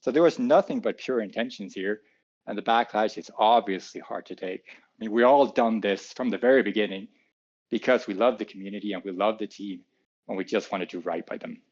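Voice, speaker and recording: A man's voice: fairly low pitch, fairly quick, a little mellow, dull audio. A man answering fan questions in a live Q&A as a club co-owner, earnest and a little defensive, often repeating words.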